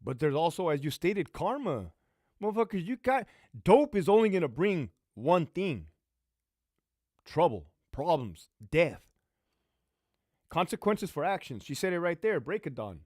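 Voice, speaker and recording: Blunt, profane man with a lively voice. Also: a little high, measured pace, dry recording, studio quality. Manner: profane, blunt, animated storyteller. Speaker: livestream host and former prison lieutenant. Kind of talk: casual livestream Q&A storytelling.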